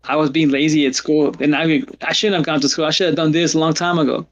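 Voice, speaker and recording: A man hosting a livestream, chatting casually and telling rambling stories with halting restarts. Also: a little high, little pitch movement, lo-fi sound. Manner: rambling storyteller, laughs often, halting restarts. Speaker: stream host. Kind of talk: casual chat.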